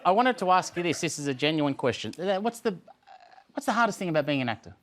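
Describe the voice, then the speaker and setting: A man's voice: a little high, very animated, fast, a little hiss or hum. A man hosting a talk show, teasing his guest in a dry, joking way. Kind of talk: casual chat.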